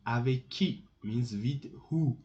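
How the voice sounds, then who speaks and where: Slow, mellow-voiced man teaching French. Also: medium pitch. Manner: slow and repetitive, restarting phrases often. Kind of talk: slow explanatory lesson. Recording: dull lo-fi recording with keyboard typing.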